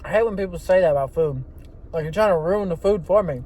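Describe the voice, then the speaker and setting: A man's voice: high-pitched, fast, dark tone. Rambling, profane man in a parked car. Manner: rambling, profane, talks while eating. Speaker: vlogger. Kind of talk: casual rambling monologue. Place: car parked in an empty parking lot.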